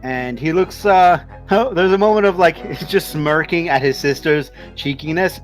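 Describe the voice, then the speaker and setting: A man's voice: on the high side, faint music behind. A man running a tabletop game as game master, narrating the action with lots of laughter. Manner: animated, laughing often, puts on quick creature voices.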